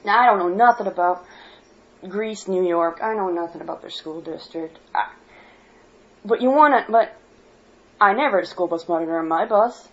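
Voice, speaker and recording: A woman's voice: lowish voice, normal speed, long pauses, a bit bright. A woman from Michigan giving a worked-up personal monologue as a vlogger, blunt and swearing freely. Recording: dull lo-fi home recording.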